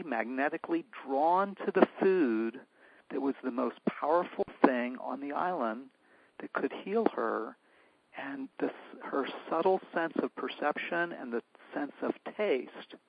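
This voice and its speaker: Older man with a gravelly, husky voice. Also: medium pitch, dry recording. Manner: retells dialogue by acting out both sides, candid. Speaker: physician. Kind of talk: anecdotal storytelling. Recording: dull lo-fi dry recording.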